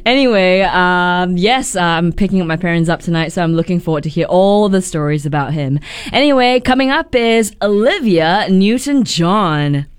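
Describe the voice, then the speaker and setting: Lively chatty woman radio DJ. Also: lowish voice, normal speed, clean tone, no echo. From Singapore. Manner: chatty, laughing, lively storytelling. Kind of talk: casual radio chat. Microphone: studio mic.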